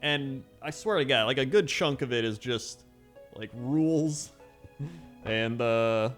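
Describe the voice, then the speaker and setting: A man's voice: mid-range voice, slow pace, fairly bright tone. Chatty rambling man with faint music. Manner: rambling, chatty, laughs often, many fillers. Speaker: hobby channel host. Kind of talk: casual storytelling.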